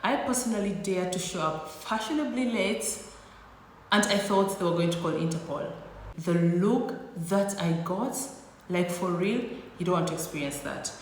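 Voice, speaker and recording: A woman's voice: lowish voice, animated, moderate pace, a little hiss or hum. Sassy woman vlogger in an echoey room. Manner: sassy, teasing, playful exaggeration. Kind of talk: comedic talk to camera. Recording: echoey room with long reverb.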